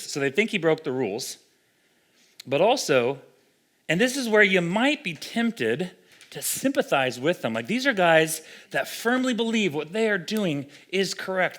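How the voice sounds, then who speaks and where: A young adult pastor with a voice on the high side preaches a sermon in a relaxed, conversational way. He's animated and acts out the voices of those he quotes.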